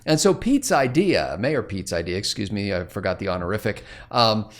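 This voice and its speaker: A man's voice: fairly low pitch, animated, moderate pace. A man co-hosting a casual planning meeting, telling stories in a wry, rambling way. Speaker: co-host.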